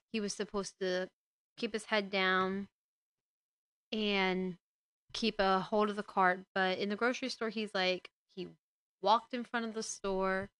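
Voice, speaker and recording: A woman casually retelling a book and commenting on it, growing indignant and loud as she scolds a character. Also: mid-range voice, clean tone, no echo. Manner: indignant, gets loud and heated when scolding the father. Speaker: book discussion host.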